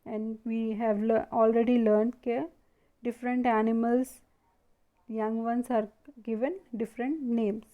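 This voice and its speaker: A woman's voice: on the high side, flat delivery, narrow, tinny audio. A woman teaching a primary school lesson, asking questions and answering them herself. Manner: slow, asks and answers her own questions. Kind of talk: classroom lesson video.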